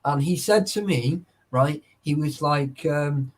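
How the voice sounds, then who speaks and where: A man's voice: fairly high pitch, slow pace, hardly any pauses. A man in casual chat, swearing freely and peppering his talk with "like" and "right". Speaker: urban explorer.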